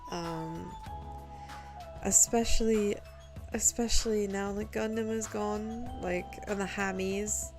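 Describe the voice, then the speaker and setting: Over music, a woman speaks slowly in a mid-range voice with fairly even intonation. She's a sleepy, groggy VTuber streaming a game from home, casually chatting with viewers and playfully poking fun at herself.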